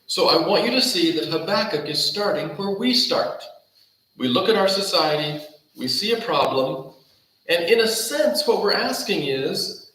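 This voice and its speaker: A man's voice: sits high, animated, normal speed, a bit bright, very echoey, rough recording. A man pastor giving a conversational Bible study sermon, acting out quoted dialogue with animation. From Taiwan. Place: church hall.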